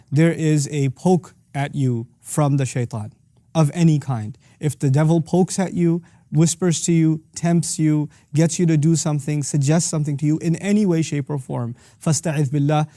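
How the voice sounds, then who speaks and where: A middle-aged man teaching a lesson on Quranic verses as host of his series, talking rapidly and breaking into quick Arabic recitation. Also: on the high side, mellow, no echo, studio quality.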